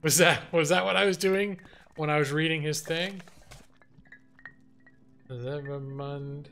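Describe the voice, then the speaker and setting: Animated man streaming a game. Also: fairly high pitch, normal speed, creaky, soft background music. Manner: animated, laughing, reads chat and jokes aloud. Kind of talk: casual live-stream chat.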